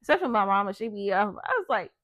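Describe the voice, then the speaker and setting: A woman co-hosting a podcast in casual chat, animated and quick to laugh. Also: mid-range voice, dry recording, clean studio sound. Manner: animated, laughs often, acts out her phone voice. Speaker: podcast co-host.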